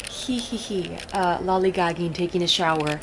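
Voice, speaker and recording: A woman's voice: lowish voice, moderate pace, background noise. A young woman vlogging at home about her competition prep, chatty and bubbly, talking into a handheld camera and often saying "dude". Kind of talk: casual vlog chat.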